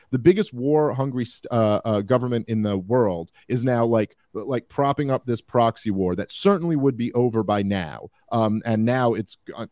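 Rambling, animated male podcast host. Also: medium pitch, dry recording, studio quality. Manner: rambling, animated, frequent fillers. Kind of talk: casual political commentary.

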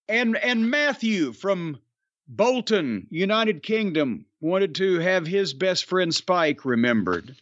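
A man's voice: high-pitched, sing-song, slow, fairly bright tone, dry recording, highs cut off. A man co-hosting a podcast, reading out listener tributes in a wry, offhand way and stumbling over names. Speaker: podcast co-host.

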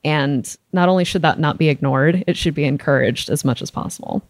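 A woman with a low voice talks through her ideas as a podcast guest. She explains at an even, methodical pace with the odd laugh. The sound is dry and close, with no room in it. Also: a little fast, no echo. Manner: explanatory, steady, occasional laughs. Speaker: guest, SEO director. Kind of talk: podcast conversation.

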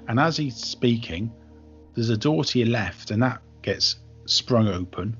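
A man narrating as game master in an online tabletop game, relaxed and hesitant. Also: medium pitch, a little slow, lo-fi sound, soft background music. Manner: relaxed, hesitant, lots of ums.

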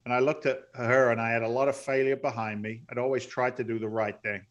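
A man's voice: mid-range voice, fast talker, highs cut off. Earnest middle-aged man telling his story. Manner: earnest, builds to loud excited bursts. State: close to tears. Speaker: podcast guest. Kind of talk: emotional storytelling interview.

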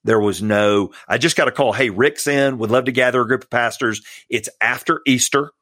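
A man's voice: mid-range voice, normal speed, dry recording, clean studio sound. Earnest man telling stories. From Georgia, US. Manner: earnest storytelling, warm about mentors. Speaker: pastor and podcast guest. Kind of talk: casual interview chat.

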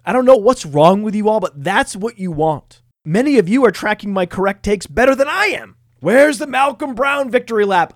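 A man hosting a fantasy football podcast, reading ads in a boastful, self-mocking, energetic way. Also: high voice, no echo, clean studio sound. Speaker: podcast host.

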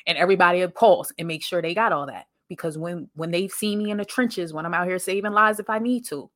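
Animated woman podcaster telling stories. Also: fairly low pitch, fast talker, no room sound, clean studio sound. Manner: animated storyteller, acts out quoted voices, laughs often. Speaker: podcast host. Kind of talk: casual motivational monologue.

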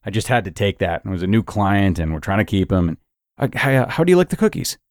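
A man's voice: on the low side, big pitch swings, fast, dry recording, studio quality. A man voicing a cheerful, easygoing male neighbor who loves to bake, chatty and a little evasive. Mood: friendly. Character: friendly adult male neighbor, cheerful baker.

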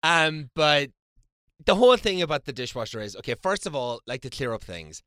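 A man co-hosting a chat podcast who jokes, swears and defends himself. His tone is bright, and his pitch moves freely. The recording is dry. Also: big pitch swings, normal speed, clear, resonant tone, no room sound. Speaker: podcast co-host. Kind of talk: casual chat.

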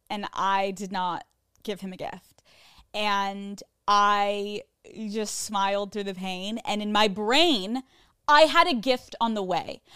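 A woman's voice: mid-range voice, fairly bright tone, clean tone, no echo, clean studio sound. Candid, profane woman podcast host. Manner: candid, profane, self-mocking; chatty with frequent "like" fillers. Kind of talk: casual solo podcast storytelling.

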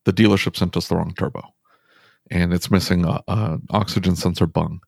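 Animated, low-voiced man telling a story. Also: brisk, gravelly, no room sound, studio quality. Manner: animated storytelling, frequent restarts. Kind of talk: casual podcast conversation.

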